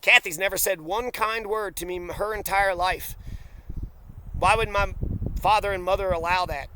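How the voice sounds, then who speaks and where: A man's voice: high voice, fairly even intonation, normal speed, pushed and bright, a little hiss or hum. A man delivering a bitter, profane, accusatory personal rant straight to camera. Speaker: vlogger.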